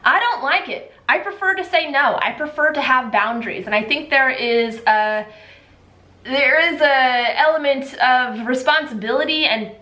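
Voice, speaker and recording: A woman's voice: high voice, moderate pace, pushed and bright. A woman vlogger talking casually to camera in a chatty, upbeat way. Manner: chatty and upbeat, with a few restarts. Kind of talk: casual vlog talk to camera. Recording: echoey room with faint music.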